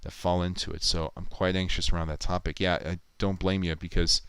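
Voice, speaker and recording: A man hosts a casual livestream, thinking aloud as he works and reading out viewers' comments. His voice sits low and clean, recorded dry with no room sound. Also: flat delivery, brisk, fairly bright tone, clear, resonant tone, no echo, rough recording. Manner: musing, thinks aloud, reads chat comments out. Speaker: livestreamer editing a video.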